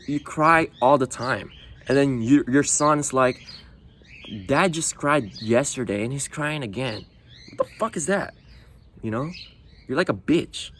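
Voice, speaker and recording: A man's voice: a little high, fairly bright tone, slight background noise. A man talking bluntly to the camera in a casual monologue, swearing often and tagging lines with "you know". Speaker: vlogger.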